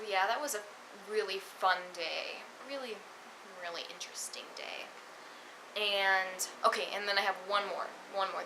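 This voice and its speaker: Teenage girl, casual vlog storytelling, bright tone, sarcastic asides, faint background hiss. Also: medium pitch, poor audio. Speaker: vlogger.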